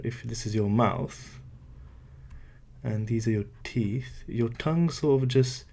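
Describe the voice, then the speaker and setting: In a slow, patient language lesson, a man explains letter sounds as he writes, adding light self-deprecating asides. His voice is medium-pitched with a darkish tone.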